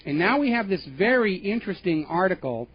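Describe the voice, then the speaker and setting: A man's voice: high-pitched, animated, a little fast, husky, muffled recording. A man hosting a radio talk show, delivering an emphatic, indignant political commentary monologue with sarcastic asides.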